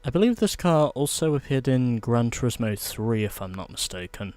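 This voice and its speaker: A man's voice: mid-range voice, sing-song, moderate pace, a little mellow, no room sound. A man talking through his video game playthrough in a chatty, explaining way. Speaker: let's play host. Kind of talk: gameplay commentary.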